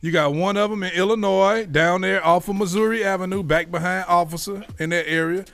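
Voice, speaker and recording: A man's voice: high voice, steady tone, brisk, vocal fry, fairly bright tone. Slangy male radio host reminiscing. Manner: reminiscing, quizzing cohosts in slangy banter. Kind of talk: casual radio chat.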